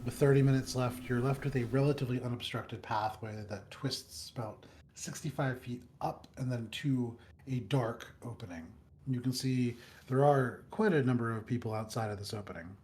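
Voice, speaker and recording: A man's voice: medium pitch, normal speed, a little mellow, slight background noise. A man narrating a tabletop game as dungeon master, describing the scene with frequent ums and uhs. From United States.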